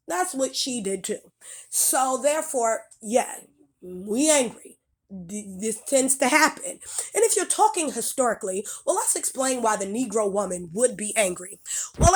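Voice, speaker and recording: A woman speaking, delivering an angry, blunt, profane monologue straight to the listener. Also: a little high. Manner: blunt, heated, profane, with many restarts and fillers. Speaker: commentator speaking to camera.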